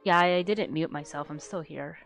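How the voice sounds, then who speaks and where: A woman chatting casually on a live stream, rambling and excitable, swearing freely and getting loud when worked up. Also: low voice, a little fast, gravelly, faint music behind. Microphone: desk microphone she adjusts.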